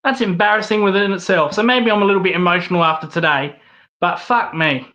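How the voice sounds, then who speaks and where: An Australian man rants hard, swearing and repeating himself as he hosts his own channel. His voice sits high and sounds bright and forceful. The recording is a little muffled and lo-fi. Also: fast. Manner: profane, repetitive ranting. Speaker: host. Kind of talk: angry rant vlog.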